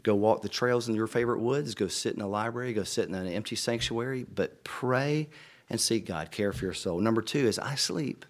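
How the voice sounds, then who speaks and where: A man's voice: on the low side, a little fast. A middle-aged man, a pastor, preaching earnestly to fellow pastors in a conversational storytelling way, often repeating words.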